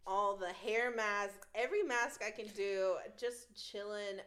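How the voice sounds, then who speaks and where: A young woman on a podcast telling stories in casual chat, giggling often and getting animated. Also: medium pitch, a little slow. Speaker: podcast guest.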